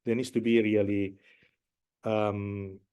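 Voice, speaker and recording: Slow, hesitant man explaining opera. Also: on the low side, level tone, warm tone, clean tone, muffled recording. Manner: hesitant, many fillers, sings and hums musical phrases. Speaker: opera conductor teaching a masterclass. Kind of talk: masterclass explanation.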